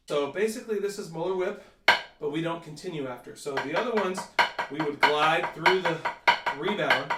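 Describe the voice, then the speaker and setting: A man's voice: on the high side, brisk, loud music behind the voice. A man teaching drum technique, counting beats aloud and calling out stickings. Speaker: percussion teacher. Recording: echoey room, mic at a distance, loud drumming.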